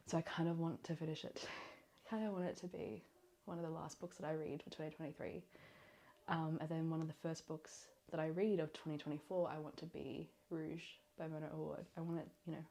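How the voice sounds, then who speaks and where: A young woman chatting in a casual reading vlog, her voice nasal and congested from illness, rambling excitedly and correcting herself as she goes. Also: low voice, vocal fry. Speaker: book vlogger.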